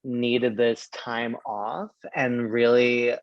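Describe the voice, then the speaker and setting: A man's voice: mid-range voice, little pitch movement, drawn-out words, no room sound, highs cut off. Sassy slangy man. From Brooklyn, New York. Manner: sassy and slangy, laughs often, calls people honey. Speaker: drag performer guest. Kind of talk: casual podcast chat.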